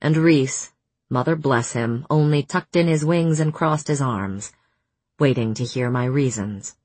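Female audiobook narrator, low husky voice, measured first-person fantasy reading. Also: a little mellow, dry recording.

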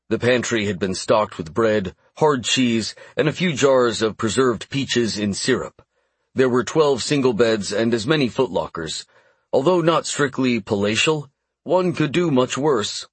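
A man narrating a first-person fantasy story in an expressive storytelling manner, close to the mic. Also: mid-range voice, slightly rough, no echo. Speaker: audiobook narrator.

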